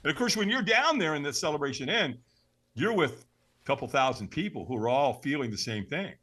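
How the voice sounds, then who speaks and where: Speaking briskly with a fairly high pitch, a male podcast guest recounts a personal story in an animated way. He performs the voices he quotes, occasionally shouting them.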